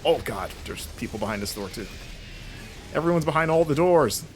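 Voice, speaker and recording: A man from Florida with a non-regional American accent, chatting casually while streaming gameplay and reacting out loud to what happens. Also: mid-range voice, expressive, a little fast, faint music behind. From Florida, USA. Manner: chatty, rambling, reacts aloud to the game.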